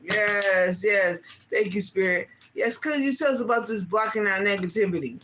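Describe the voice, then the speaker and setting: A woman's voice: mid-range voice, moderate pace, fairly bright tone, slight background noise. A woman reading tarot cards for viewers in a slangy, casual way, repeating "yes, yes" and asking Spirit questions aloud. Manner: laughs between card readings. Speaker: tarot reader.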